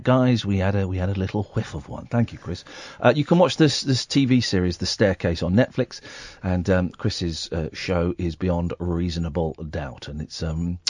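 A man's voice: medium pitch, no room sound. A man hosting a late-night phone-in radio show, jokey and mock-outraged, rambling and restarting his sentences. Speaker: radio host. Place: radio studio. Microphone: studio microphone.

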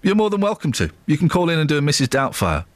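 A male radio host whose pitch swoops widely as he talks. He teases callers playfully and often stammers through restarts. The sound is close and dry. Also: fast, no echo. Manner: playful, teasing, lively and stammering. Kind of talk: phone-in radio chat.

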